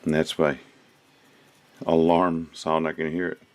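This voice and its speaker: In a very deep, smooth voice with a completely flat delivery and measured pace, a man talks casually while doing resin crafts at home. He rambles and chats, thinking aloud as he works.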